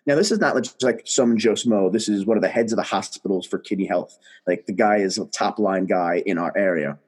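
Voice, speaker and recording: Husky-voiced man telling a story. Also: on the low side, brisk. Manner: animated, emphatic storyteller. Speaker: guest. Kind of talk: casual conversation, storytelling.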